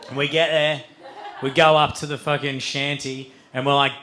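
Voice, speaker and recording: Animated, swearing stand-up comedian. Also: male voice, medium pitch, normal speed, a little hiss or hum. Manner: animated, swears freely, acts out voices with loud outbursts. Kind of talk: stand-up storytelling. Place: comedy venue stage with audience.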